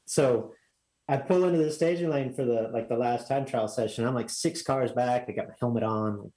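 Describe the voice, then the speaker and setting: A man's voice: medium pitch, fairly quick, dark tone, rough recording. A man from Texas, telling a rambling story as a guest in a casual chat, full of fillers and restarts.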